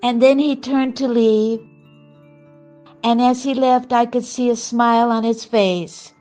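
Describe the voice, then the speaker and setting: An older woman recounts a spiritual memory in a slow, earnest way. Her voice sits slightly high and unhurried. Quiet music plays faintly behind her. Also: fairly even intonation. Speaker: spiritual storyteller. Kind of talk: reflective personal testimony.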